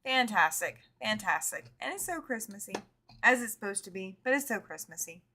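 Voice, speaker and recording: Bright chatty woman hosting a live stream. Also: medium pitch, lively intonation, normal speed. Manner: chatty, reads out viewer comments, laughs easily; trails off and repeats phrases. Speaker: host of a live quilting show. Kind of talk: casual live-stream chat.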